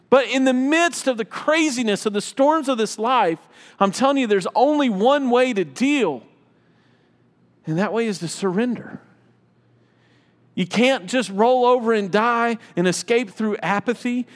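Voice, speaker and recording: A man with a high voice preaches a sermon, driving his points home with emphatic repetition. His voice rings out with a long reverb, as in a large hall. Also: lively intonation, normal speed. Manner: emphatic, repeats phrases for effect. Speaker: pastor.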